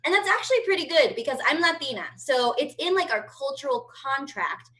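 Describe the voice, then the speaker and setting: A woman's voice: high-pitched, expressive, fairly quick, fairly bright tone, poor audio. A woman in her thirties doing a brash, profane stand-up routine from home over a video call. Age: 30s. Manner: brash, profane, chatty storytelling. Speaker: stand-up comedian.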